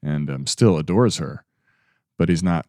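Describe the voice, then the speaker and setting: A man's voice: low-pitched, expressive, a little slow, warm tone, no echo, studio quality. A man co-hosting a ministry podcast, talking through a Bible passage in an easygoing, joking way and laughing easily. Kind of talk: casual Bible study discussion.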